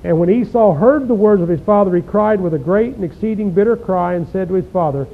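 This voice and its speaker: A man's voice: fairly quick, few pauses. A man preaching a sermon, reading scripture aloud and breaking in with folksy rhetorical questions. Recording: tinny phone-like lo-fi recording with faint rumble.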